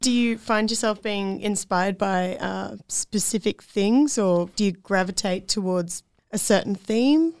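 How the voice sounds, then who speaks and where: A woman's voice: mid-range voice, a little slow, hardly any pauses, darkish tone, clear, resonant tone, no echo. A woman hosting a local music radio show, chatting with bubbly enthusiasm in a studio. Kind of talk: casual radio interview.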